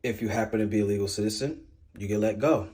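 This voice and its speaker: A man's voice: lowish voice, quick pace, darkish tone. A man giving casual, blunt commentary in a conversational way with a few fillers.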